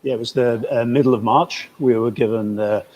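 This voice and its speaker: A man's voice: mid-range voice, fairly quick, dull audio, a little hiss or hum. British man explaining on a video call. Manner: steady, fluent explaining. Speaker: guest, shop owner. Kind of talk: casual video-call interview.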